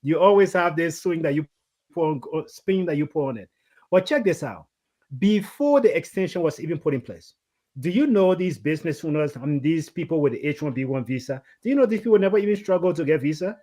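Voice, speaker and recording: Brief: male host, quick talker, high voice, playful moderator. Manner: animated, teasing, repeats for emphasis. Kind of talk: casual panel discussion.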